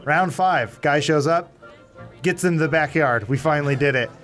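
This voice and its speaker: A man's voice: on the high side, moderate pace, a bit bright, soft background music. A man in casual gaming banter, telling a long rambling anecdote and acting out what other people said. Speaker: show regular telling a story.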